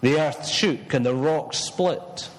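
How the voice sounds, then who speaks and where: A man reading scripture slowly, then preaching a sermon with frequent fillers. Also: fairly high pitch, in a large hall, rough recording.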